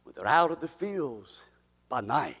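A man preaching a sermon, his delivery rising from quiet storytelling to fervent, near-shouted peaks. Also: mid-range voice, very animated, unhurried, breathy edge. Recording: long hall reverb.

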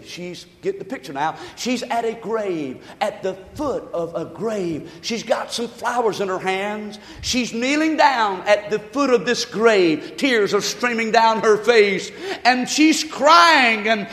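A man preaching a sermon, telling folksy stories with asides to the congregation and often breaking into fervent shouting. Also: high voice. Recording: reverberant hall.

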